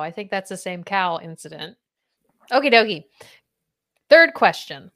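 A woman's voice: normal speed, pauses often. Chatty woman podcast host quizzing. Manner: chatty, quizzing with lively swings of pitch. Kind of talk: casual chat.

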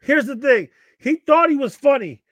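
A man co-hosting a podcast, telling a story in a lively way, laughing often and acting out what people said. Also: very high-pitched, moderate pace, dry recording. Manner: animated storyteller, laughs often, acts out quotes. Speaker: podcast co-host. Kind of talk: casual chat, storytelling.

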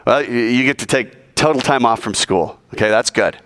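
A man's voice: mid-range voice, normal speed, a bit bright. A man giving a joking sermon to students and acting out quoted voices as he goes. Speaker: youth speaker.

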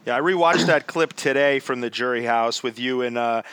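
A man's voice: mid-range voice, moderate pace, fairly bright tone, clean tone, no room sound. A man co-hosting a podcast, asking long, rambling questions full of fillers. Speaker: podcast co-host. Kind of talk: casual interview questions.

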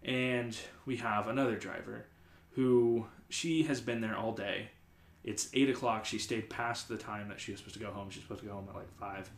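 Speaking at a normal speed with a lowish voice, this man hosts a podcast from an echoey room. His casual storytelling wanders, packed with "like" fillers, and he retells events with plenty of animation.

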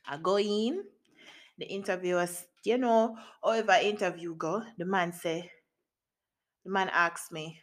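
Medium in pitch and a little slow, this woman hosts a podcast and shares a personal story with a Jamaican accent. She's lively and casual, dropping patois and laughing a lot.

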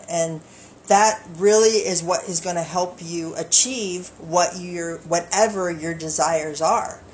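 A woman's voice: lowish voice, a little hiss or hum, low-quality recording. Upbeat female podcast co-host. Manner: upbeat, laughs easily. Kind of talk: casual chat.

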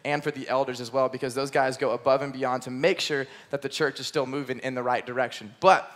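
A young man who is a high school pastor delivers an energetic, chatty sermon from a church stage at a brisk pace, using plenty of fillers.

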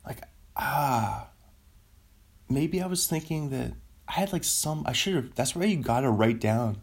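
A man hosts a loose solo chat, drifting between thoughts at an unhurried pace. He breaks off mid-sentence often and chuckles at his own tangents. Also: mid-range voice, lively intonation, slightly rough. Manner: meandering, self-interrupting, laughs often. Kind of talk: rambling solo casual chat.

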